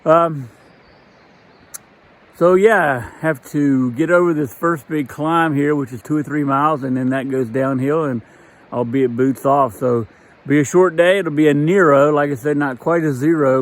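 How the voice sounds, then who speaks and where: A man with a Gulf Coast Southern accent, talking casually to the camera on a hiking trail in a relaxed, unhurried way. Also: medium pitch. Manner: relaxed, unhurried, with frequent fillers. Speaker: hiker vlogger. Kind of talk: casual trail vlog talk.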